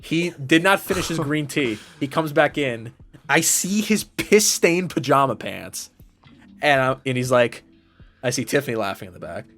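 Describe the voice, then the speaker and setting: A man's voice: medium pitch, lively intonation, moderate pace, fairly bright tone, faint music behind. Rambling young man telling a story. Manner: rambling storyteller, swears freely, many fillers. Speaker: podcast co-host. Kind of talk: casual chat.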